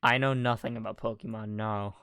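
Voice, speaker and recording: A man's voice: on the low side, fairly even intonation, a little fast, bright, forceful tone, clean tone, no echo, clean studio sound. A young man co-hosting a casual podcast chat, laughing and protesting in flustered bursts. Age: young adult. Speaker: podcast co-host.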